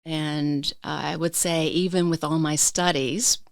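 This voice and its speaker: A woman podcast guest telling a personal story in a slow, reflective way, reliving the emotions. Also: sits low, steady tone, vocal fry, no echo, clean studio sound.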